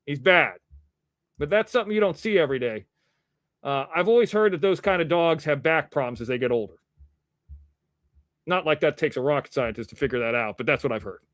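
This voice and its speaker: A man with a fairly high voice hosts his own live-stream show, talking loosely from one topic to the next and cursing freely when irritated. The sound is close and dry, with no room around it. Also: animated, a little fast, long pauses, fairly bright tone, dry recording. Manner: rambling, irreverent, cursing when annoyed. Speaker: livestream show host. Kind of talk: casual live-stream commentary.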